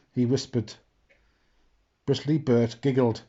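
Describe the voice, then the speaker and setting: Slow, expressive man reading a picture book. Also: mid-range voice, highs cut off. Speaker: storyteller.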